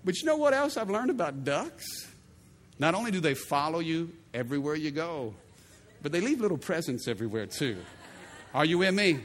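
Middle-aged pastor guy preaching, high voice all over the place, big echoey church. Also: normal speed, a little hiss or hum. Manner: animated, call-and-response preaching with playful voices. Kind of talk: sermon. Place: large church auditorium. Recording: long reverb of a big hall.

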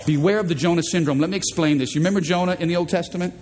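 A man preaching a sermon as pastor, animated and playful, acting out voices in the stories he tells. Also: racing, few pauses, long reverb tail, a little hiss or hum. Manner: animated, acts out quoted voices in high pitch.

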